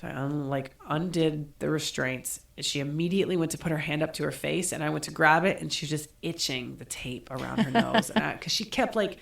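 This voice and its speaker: Woman, middle-aged, podcast co-host, gravelly low voice, animated storytelling. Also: brisk, few pauses. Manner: animated, acts out quotes with laughter. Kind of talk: casual storytelling chat.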